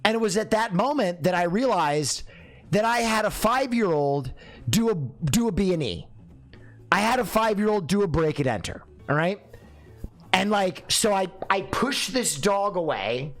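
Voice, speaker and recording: A young adult man telling a comic story in a lively way, acting out the dialogue. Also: normal speed, soft background music. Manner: lively, acts out dialogue with swinging pitch.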